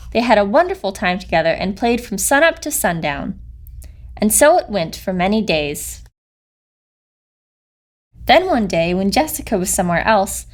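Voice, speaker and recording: A woman reading a children's picture book aloud with gentle, expressive storytelling. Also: mid-range voice. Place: recording studio.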